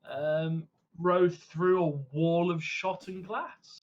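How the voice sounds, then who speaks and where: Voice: mid-range voice, level tone, dull audio. A tabletop game player giving orders in character and chatting about rolls. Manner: laughing, quick in-character quips.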